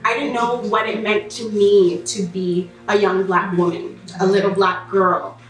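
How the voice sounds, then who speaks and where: A woman's voice: mid-range voice, fairly even intonation, unhurried. A young woman speaking earnestly and reflectively as a guest in a casual group chat. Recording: roomy room from a distant mic, music behind.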